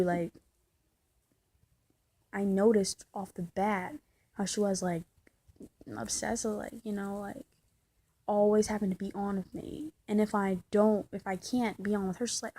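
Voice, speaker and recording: A woman with a husky, breathy voice vents in a casual vlog rant. She rambles, circling back with frustrated asides, at an ordinary middle pitch. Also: darkish tone.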